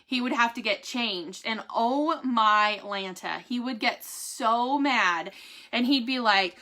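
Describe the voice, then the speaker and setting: A woman's voice: a little high, takes it slowly, bright, forceful tone. A woman, chatting candidly to her viewers, laughing often and speaking with faith. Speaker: vlogger giving a family health update. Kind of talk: casual chat to camera.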